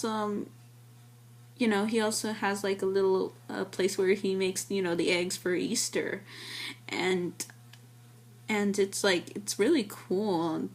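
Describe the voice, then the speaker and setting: A woman giving a casual, enthusiastic film review, rambling with many fillers and restarts. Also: medium pitch.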